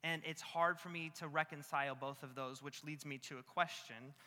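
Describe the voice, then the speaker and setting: A young man preaching a sermon with comic stories, animated and self-mocking, full of casual fillers. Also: a little high, normal speed. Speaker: pastor. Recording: long hall reverb.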